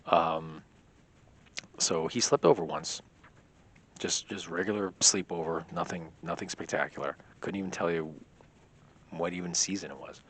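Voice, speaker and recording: A man's voice: low voice, moderate pace, pauses often, fairly bright tone, breathy edge. A young man telling a rambling personal story in a casual vlog, leaning heavily on filler words. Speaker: vlogger.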